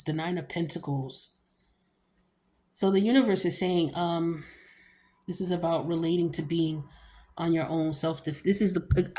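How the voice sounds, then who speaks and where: A woman's voice: on the low side, a little mellow. Blunt, slangy woman giving a tarot reading. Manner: chatty and blunt, loose slang and frequent cursing. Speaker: tarot card reader. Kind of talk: casual tarot reading to camera.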